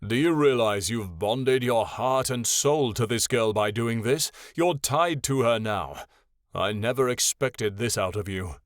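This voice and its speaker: A man voicing a proud, wounded male dragon who shouts in booming fury. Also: unhurried, no room sound, studio quality, natural voice. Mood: reproachful.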